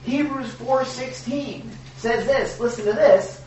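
A man co-hosting a casual Bible teaching, animated and joking, with emphatic rhetorical questions. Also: very high voice, takes it slowly, highs cut off, slight background noise. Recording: echoey room from a distance.

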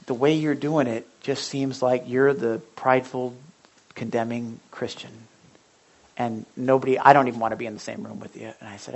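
Young guy pastor preaching, blunt and lively, gets loud then drops real quiet. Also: medium pitch. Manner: animated, blunt, storytelling with swings from loud to quiet. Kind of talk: sermon. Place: church sanctuary.

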